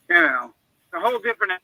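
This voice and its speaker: A man's voice: high-pitched, sharp tone, no echo, rough recording. A man on a radio chat, telling long rambling stories and acting out what people said to him. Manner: rambling storyteller who acts out quoted dialogue. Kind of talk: casual call-in chat.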